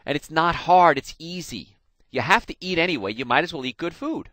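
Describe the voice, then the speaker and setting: A man's voice: a little high, a little fast, no echo. A middle-aged man from New Jersey with a slight New Jersey accent, hosting a radio health show in a folksy, storytelling way and talking straight to his listeners. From New Jersey, USA. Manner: folksy storytelling, animated, addresses listeners directly. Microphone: studio microphone.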